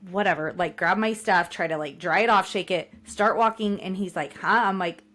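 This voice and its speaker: A woman's voice: on the low side, normal speed, a bit bright. A middle-aged woman co-hosting a podcast, venting in a chatty, exasperated way about a mishap at home. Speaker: podcast co-host. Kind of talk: casual storytelling chat.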